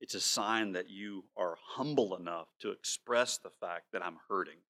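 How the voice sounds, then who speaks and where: A male pastor delivering a sermon in an earnest way, slowing down to stress his words and now and then repeating himself. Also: deep voice, sharp tone.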